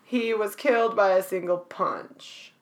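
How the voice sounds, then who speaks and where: A woman's voice: medium pitch, unhurried. A woman reading out trivia in a casual chat, laughing often and swearing freely.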